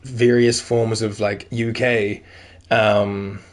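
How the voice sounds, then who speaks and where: A man's voice: fairly low pitch, flat delivery, slow. A man streaming a video game, chatting casually and reading in-game notes aloud, rambling with plenty of "like" and "um" fillers. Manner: rambling, heavy use of "like" and "um".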